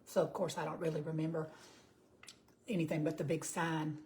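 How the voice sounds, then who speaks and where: A woman's voice: deep voice, little pitch movement, moderate pace, darkish tone. A woman in her fifties with a Southern US accent, chatting casually with viewers on her cooking livestream and greeting them by name. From Georgia, US. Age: 50s. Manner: chatty, reads out viewer comments.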